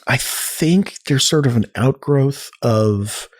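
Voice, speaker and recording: Brief: male guest, mid-pitched, chatty and animated storyteller who acts out quotes. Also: slow. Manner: animated storyteller, frequent restarts and acted-out quotes. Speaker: podcast guest, arts nonprofit cofounder. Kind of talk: casual conversational storytelling.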